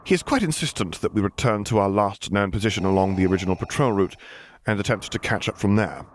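A man voicing a calm, dutiful starship captain who reports in an even, measured tone. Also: on the low side, slight background noise, close to an everyday voice.

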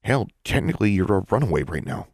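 A man reading aloud and voicing a gruff, stubborn middle-aged police officer who talks bluntly. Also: sits low, big pitch swings, quick pace, darkish tone, dry recording, clean studio sound, exaggerated voice.

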